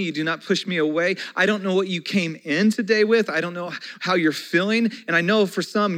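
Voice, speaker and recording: A man in his forties preaching a conversational sermon as a pastor, moving between soft, slow passages and loud, excited ones. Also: on the high side, low-quality recording.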